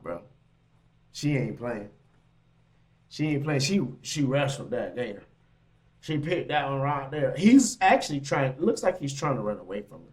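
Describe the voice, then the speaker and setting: A man's voice: medium pitch, unhurried. A man hosting a casual reaction stream, talking in loose slang, laughing and riffing on what he reads. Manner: animated, laughing, slangy asides. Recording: mic.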